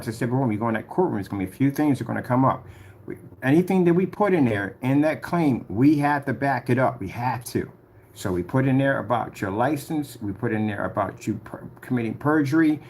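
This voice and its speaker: Animated man ranting at camera. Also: medium pitch, a little hiss or hum. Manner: confrontational, rambling, warning tone. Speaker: YouTuber addressing a rival. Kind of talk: direct-to-camera rant.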